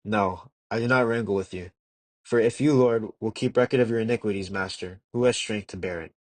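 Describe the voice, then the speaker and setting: A man's voice: on the low side, dry recording. Earnest young man reading aloud. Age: young adult. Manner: measured and earnest, with occasional slips and restarts. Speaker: audiobook reader. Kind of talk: amateur audiobook reading.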